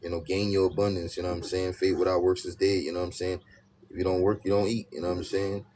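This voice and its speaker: A man's voice: deep voice, quick pace. A man giving a casual tarot reading, talking emphatically and repeating his points with many "you know what I'm saying" asides. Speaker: tarot reader. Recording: steady background noise with birdsong.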